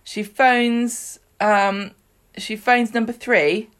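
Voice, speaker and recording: A woman's voice: a little high, fairly even intonation, drawn-out words, fairly bright tone. A woman casually recapping a soap on a podcast, chatty and acting out the characters' lines in voices. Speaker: podcast co-host.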